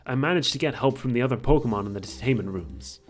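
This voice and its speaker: A chatty little mouse detective, read aloud by a man in a casual, confiding voice of middle pitch. A little faint music plays under him on a home stream mic. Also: animated, quick pace, close to an everyday voice. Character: small male electric mouse detective, chatty. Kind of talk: reading game dialogue aloud.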